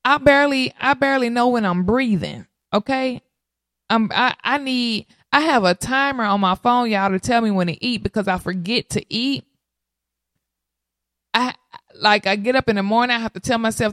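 A woman, casually telling viewers her birth story in an animated way, often calling out to them. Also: a little high, normal speed, no room sound, clean studio sound. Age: 30s. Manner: animated, addresses audience as y'all. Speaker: mother sharing birth story.

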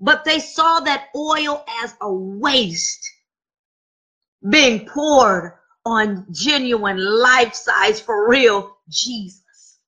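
A woman's voice: on the high side, extremely slow, sharp tone, slightly rough. A woman preacher delivering a sermon, emphatic and driving home point after point with repeated rhetorical questions.

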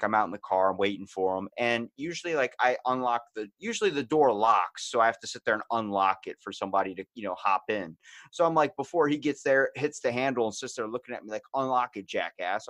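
A man hosting a podcast, telling stories in casual chat with lots of swearing and loud acted-out quotes. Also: mid-range voice, dry recording. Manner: animated storyteller, swears freely, acts out quotes loudly.

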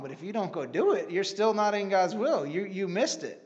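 A man's voice: on the high side, lively intonation, moderate pace, hardly any pauses, darkish tone, muffled recording. A man giving an earnest, rambling church testimony with many restarts. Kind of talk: sermon testimony.

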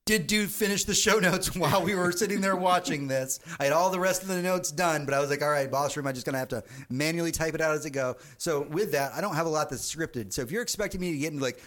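Excitable man hosting a gaming podcast. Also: a little high, fast talker, hardly any pauses. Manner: excitable, swears freely, laughs often. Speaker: podcast host. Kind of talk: casual podcast chat.

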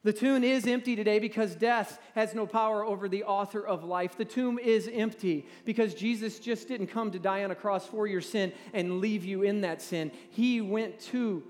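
A man in his forties preaching a sermon in a church, talking in a halting, conversational way with repeated words and drawing the audience to respond. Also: high voice, steady tone. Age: 40s. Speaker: pastor. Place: large church hall. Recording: long reverb in a large hall.

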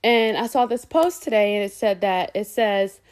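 A woman's voice: medium pitch, normal speed. A woman hosting her own podcast in a casual solo monologue, talking candidly with plenty of slang and cursing, and slipping into voices when she quotes people. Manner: animated, slips into voices when quoting people. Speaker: podcast host.

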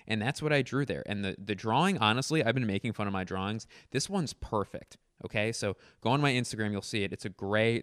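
A young man with a low, smooth voice reads out stories he wrote as a child. He cracks jokes and rambles through self-mocking asides about his old drawings. The recording is dry and close. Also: a bit bright, no echo. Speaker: creator reading his childhood writing. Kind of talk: casual commentary.

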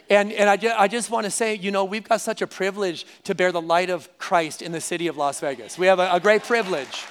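A man's voice: high-pitched, quick pace, hardly any pauses, fairly bright tone, smooth, a faint crowd. A man preaching a sermon to his church, speaking conversationally and repeating key phrases for emphasis. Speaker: pastor. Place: church service.

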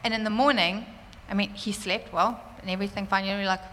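A woman telling a church congregation a personal testimony, animated and fervent, laughing often. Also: medium pitch, quick pace, slight background noise. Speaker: church speaker sharing a testimony. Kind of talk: sermon testimony. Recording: roomy church hall reverb, faint ambience.

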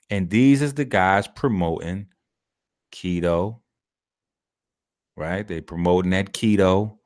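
A man hosts a video with casual commentary on clips, in a deep, slightly mellow voice that moves slowly and pauses often. He's emphatic, slangy and profane, repeating phrases for effect.

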